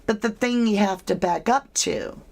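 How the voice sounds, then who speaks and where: A woman's voice: mid-range voice, normal speed, vocal fry. A woman giving casual, speculative true crime commentary, asking her listeners questions as she goes.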